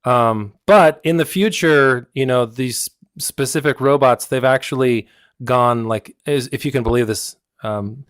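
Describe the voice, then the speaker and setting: A man's voice: mid-range voice, no room sound. A man with a mid-range voice, recorded dry and close, appearing as a musician guest on a podcast. He explains himself in a meandering, hesitant way, with frequent ums and restarts. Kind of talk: casual podcast chat.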